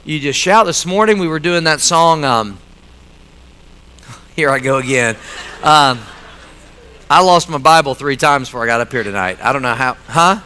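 A middle-aged man preaching a sermon in a church, swinging between loud emphatic lines and quiet joking asides to the congregation. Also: fairly high pitch, normal speed, long pauses, clear, resonant tone, rough recording. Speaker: pastor. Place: church sanctuary.

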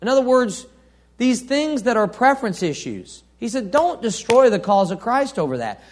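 A man preaching a sermon, reading scripture aloud and asking the congregation questions, swinging from soft to loud. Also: extremely high pitch, sing-song, normal speed. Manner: reads scripture aloud, asks the congregation call-and-response questions.

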